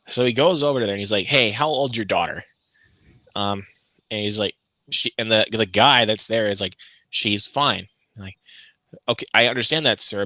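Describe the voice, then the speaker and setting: Bright, lively storytelling man. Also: no room sound. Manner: animated, acts out quoted people with big jumps in pitch. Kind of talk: casual storytelling chat.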